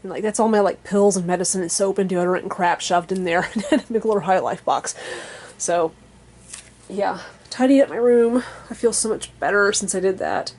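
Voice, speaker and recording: A young woman vlogging from her basement bedroom in a rambling, frank, casual chat, full of fillers and soft laughs. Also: mid-range voice, normal speed. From American Midwest or South region. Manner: frank and chatty, laughs softly between thoughts.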